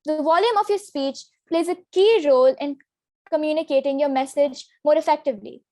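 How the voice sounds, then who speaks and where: A young woman presenting a public speaking lesson in a clear, instructive way. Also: sits high, brisk, mellow, no room sound, studio quality. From Singapore. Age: teenager. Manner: clear, instructive delivery with demonstration sentences. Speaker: student workshop presenter.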